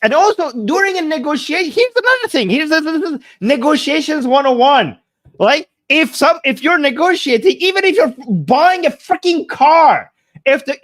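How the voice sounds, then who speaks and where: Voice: high-pitched, fairly bright tone. A political commentator reacting to a debate clip, arguing emphatically with rhetorical questions and a mocking edge.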